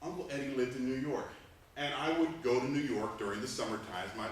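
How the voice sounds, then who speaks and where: A man in his thirties, from Panama, giving an animated humorous speech to a club, laughing between lines. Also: mid-range voice, brisk. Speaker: club speaker. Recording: echoey room, distant mic, faint noise.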